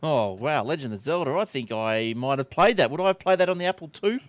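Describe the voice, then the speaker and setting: A man hosting a tech podcast in a casual, chatty way, with quick asides. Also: on the high side, expressive, no echo. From Australia. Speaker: podcast host. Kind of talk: casual chat.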